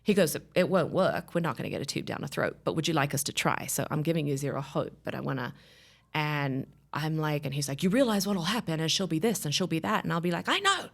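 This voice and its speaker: A woman's voice: deep voice, fast talker, vocal fry. A woman in her thirties giving an emotional personal testimony, storytelling with animation and acting out the voices of others. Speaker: guest sharing her story.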